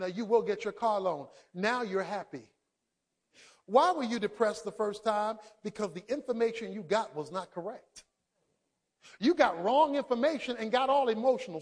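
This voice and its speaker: A man preaching a sermon. He drops to quiet asides and then builds to shouted emphasis, acting out quoted voices. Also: sits high. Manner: dramatic, acts out quoted speech.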